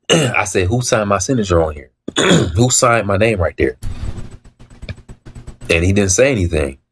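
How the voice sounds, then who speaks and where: A man telling his story in a casual monologue, repeating himself for emphasis, acting out quoted dialogue and often clearing his throat. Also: low-pitched, expressive, unhurried, long pauses.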